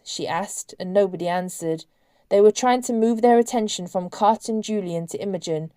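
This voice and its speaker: Woman narrating fiction, measured and expressive, warm low tone, dry close recording. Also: no room sound. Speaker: audiobook narrator. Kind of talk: novel reading.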